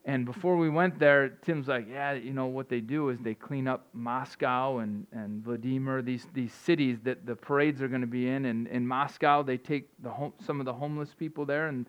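A man's voice: mid-range voice, steady tone, moderate pace, hardly any pauses. A man preaching an informal sermon in a conversational way, often repeating and restarting words. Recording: dull lo-fi sound.

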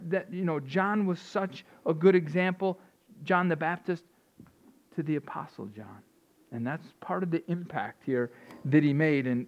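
Man preaching in a casual, chatty way. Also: on the high side. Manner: conversational, repeats and restarts words. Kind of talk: informal sermon. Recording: dull lo-fi sound.

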